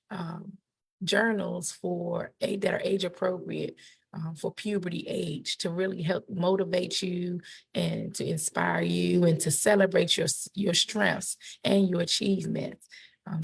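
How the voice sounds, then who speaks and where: A middle-aged woman teaching about puberty in an animated, encouraging way, often acting out what kids say. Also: on the low side, vocal fry, husky. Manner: animated, encouraging, acts out quotes. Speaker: educator presenting a puberty book. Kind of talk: teaching talk to parents and kids.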